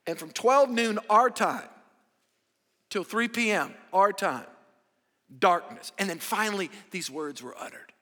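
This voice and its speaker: Man preaching in a church, bright sharp voice, leans hard on words, stretches them out. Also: high voice, lively intonation. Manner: emphatic, drawn-out stressed phrases, swings between loud and hushed. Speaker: pastor. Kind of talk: sermon. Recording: echoey hall with long reverb.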